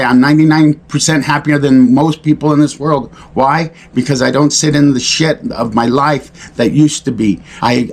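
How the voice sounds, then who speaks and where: A man speaking earnestly and reflectively to camera in a confessional talk, pausing and restarting often. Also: mid-range voice. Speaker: recovery vlogger.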